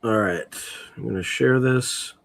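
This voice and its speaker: A man's voice: medium pitch, a little slow, gravelly, fairly bright tone. A middle-aged man hosting a livestream, chatting casually and muttering while he reads comments. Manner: rambling, muttering while reading chat. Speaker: livestream host.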